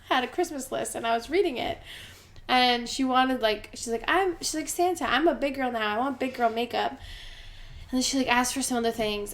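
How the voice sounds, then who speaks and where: A young woman co-hosting a casual podcast, telling rambling funny stories full of "like" fillers. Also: high-pitched. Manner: chatty storyteller, lots of "like" fillers. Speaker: podcast co-host. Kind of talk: casual chat.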